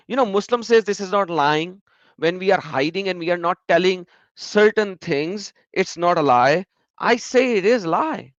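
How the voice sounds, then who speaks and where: A man's voice: sits high, animated, moderate pace, no echo. Emphatic man in dull dry recording. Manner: emphatic, repeats words for stress. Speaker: commentator. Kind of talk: reaction commentary on video clips.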